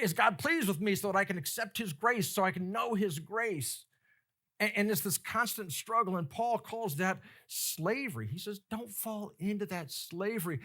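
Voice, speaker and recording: A man's voice: sits high, bright, forceful tone. A male pastor preaching a sermon in a conversational, emphatic way, slipping into quoted voices as he explains.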